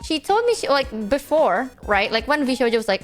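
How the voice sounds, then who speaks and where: Girl streamer chatting, kinda high voice that swings all over, lots of bro and like, faint music under. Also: a little fast. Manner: animated slangy storytelling. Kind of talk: casual stream chat.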